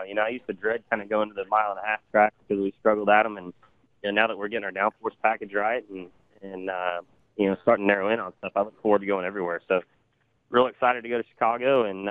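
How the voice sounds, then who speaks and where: A man's voice: on the low side, dry recording. A man joining a podcast as a guest, easygoing and laid back, with many "you know"s. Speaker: guest driver. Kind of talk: casual interview. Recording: tinny phone line.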